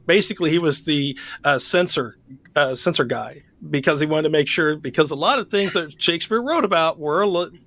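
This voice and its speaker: A man's voice: a little high, fairly bright tone. A man co-hosting a book podcast, chatting casually and rambling with frequent restarts. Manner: rambling, self-correcting, laughs easily. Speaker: podcast co-host. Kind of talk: casual chat.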